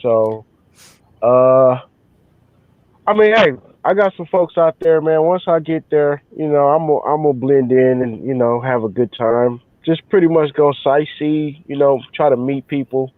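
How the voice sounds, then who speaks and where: A man's voice: medium pitch, a little slow, no echo. Easygoing man on a tinny phone line. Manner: relaxed, easygoing, filler-heavy. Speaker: podcast co-host. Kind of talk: casual chat.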